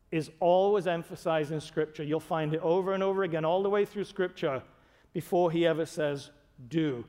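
Male pastor, high voice, earnest emphatic sermon delivery in a church sanctuary. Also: fairly even intonation, fast, darkish tone. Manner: emphatic, earnest, builds to raised stresses. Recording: long hall reverb.

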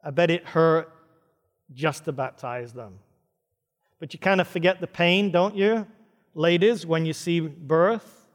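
A man's voice: fairly high pitch, a little slow, pauses often. A man preaching a sermon, retelling a story with dramatic, varied pacing. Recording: reverberant church hall.

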